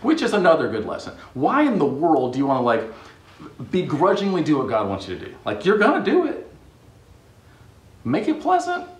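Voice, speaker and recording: A man's voice: fairly high pitch, wildly swooping pitch, moderate pace, pauses often, roomy sound, far from the mic. A man hosting a video, telling a Bible story in a playful way and acting out the characters' voices. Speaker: host.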